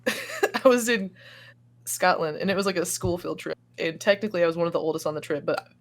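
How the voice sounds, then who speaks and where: A young woman telling stories as a podcast guest in casual chat, animated and laughing often, acting out the people she quotes. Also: fairly low pitch, a little fast.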